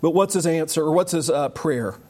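A man preaching a sermon in a lively, joking way, often acting out the voices of the people he quotes. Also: fairly high pitch, quick pace. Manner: animated, jokey, acts out quoted voices. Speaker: pastor.

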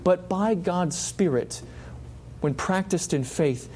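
A man's voice: high-pitched, slow, darkish tone, slight background noise. A man preaching a sermon, passionate and full of repeated rhetorical questions.

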